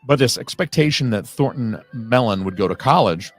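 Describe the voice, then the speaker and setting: A man's voice: medium pitch, expressive, normal speed, soft background music. A man hosting a casual audio commentary on a film, talking in a rambling, analytical way with the odd swear word.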